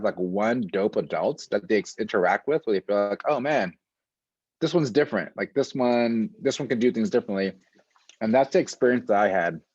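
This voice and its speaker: A man who works as a school administrator, answering interview questions in a relaxed, casual way with slang and many fillers, heard over a video call. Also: on the low side, no room sound. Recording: dull, lo-fi and dry.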